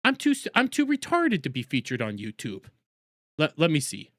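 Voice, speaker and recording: A young male streamer riffs over clips and reads chat aloud, mocking and excitable. His bright voice swings widely in pitch, and he swears freely. The sound is dry and close. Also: moderate pace, no room sound. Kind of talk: live reaction commentary.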